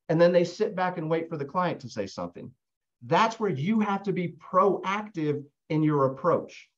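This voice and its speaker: A man's voice: a little high, lo-fi sound. A man leading a live online sales coaching session, talking conversationally. He keeps asking "right?" and repeats words as he restarts sentences. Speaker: real estate sales trainer.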